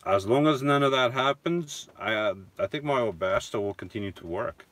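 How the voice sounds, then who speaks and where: A man reads live chat from his van during a casual stream, rambling through his replies, correcting himself and chuckling on the side. His mid-range voice is expressive and fairly bright, at a moderate pace.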